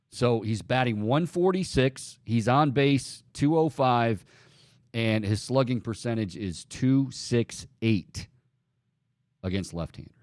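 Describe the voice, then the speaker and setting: Lively male sports-talk host, reels off stats, dry booth sound. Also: mid-range voice, dry recording. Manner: animated, laughing, rattles off stats. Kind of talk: casual sports talk show.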